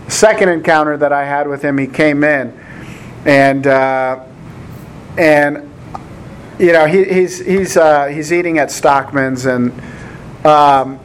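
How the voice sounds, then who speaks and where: American man, casual rambling Bible teacher, somewhat high-pitched, quick to laugh, faint background noise. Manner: chatty, rambling, laughs often. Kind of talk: casual sermon with anecdotes.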